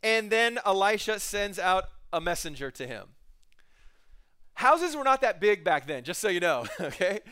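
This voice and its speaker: Man, middle-aged, pastor, sermon, joking storyteller, high pitch, bright clear voice. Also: big pitch swings, moderate pace. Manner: casual, joking storyteller who acts out scenes.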